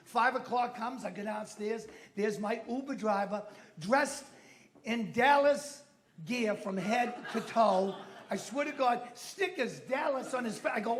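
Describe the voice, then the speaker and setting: A man's voice: very high-pitched, normal speed. A middle-aged man from Massachusetts doing a stand-up routine, telling a story with acted-out voices and brash punchlines in a comedy club.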